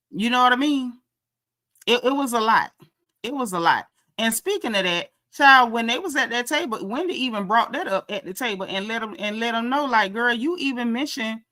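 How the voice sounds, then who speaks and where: A woman's voice: medium pitch, pushed and bright. A woman, hosting a casual, sassy recap and acting out quoted lines for her live chat. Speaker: reality show recap host.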